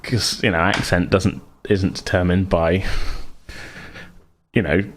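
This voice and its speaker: A man co-hosting a casual worldbuilding podcast, explaining ideas haltingly with frequent restarts. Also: deep voice, steady tone. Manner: hesitant, many restarts and fillers, laughs easily. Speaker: podcast co-host.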